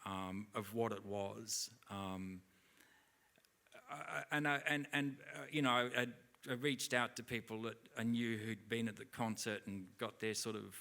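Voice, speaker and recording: This middle-aged guest at a live theatre interview spins rambling stories packed with acted-out lines from other people. His lowish, creaky voice sounds pushed and bright, unhurried, and fairly level in intonation.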